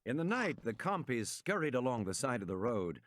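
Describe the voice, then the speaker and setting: Expressive male audiobook reader. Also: mid-range voice, moderate pace, background noise. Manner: expressive, dramatic pacing. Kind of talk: reading a novel aloud. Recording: loud game gunfire behind.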